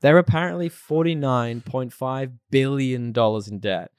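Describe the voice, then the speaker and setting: A man's voice: mid-range voice, normal speed, clean tone, dry recording, studio quality. A man co-hosting a podcast in casual chat, chatty and playful, laughing easily. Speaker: podcast co-host.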